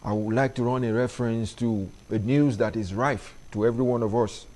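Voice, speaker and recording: A middle-aged man, hosting an opinion monologue addressed to parents in an emphatic, preachy way that climbs in pitch on his key points. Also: steady tone, a little fast, few pauses, darkish tone. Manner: preachy, emphatic, rises sharply when stressing points. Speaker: commentary show host.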